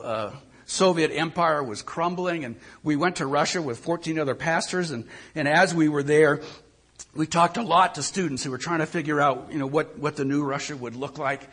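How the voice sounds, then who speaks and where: A man's voice: on the high side, normal speed, a bit bright, slightly rough. An older male pastor giving a conversational sermon, often repeating words as he thinks.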